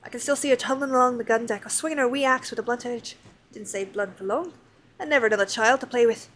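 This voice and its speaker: A woman's voice: on the high side, fast, fairly bright tone, slight background noise, lightly acted. A woman voicing a chatty, fond old pirate crewmate in a salty sailor's dialect while reading game dialogue aloud. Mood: wistful.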